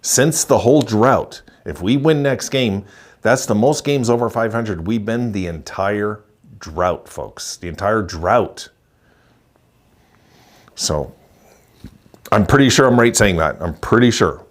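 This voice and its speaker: A man in his sixties giving an excited, chuckling postgame rant as a hockey vlogger, repeating himself for emphasis. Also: lowish voice, slow pace, long pauses. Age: 60s. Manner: gleeful, chuckling, emphatic repetition.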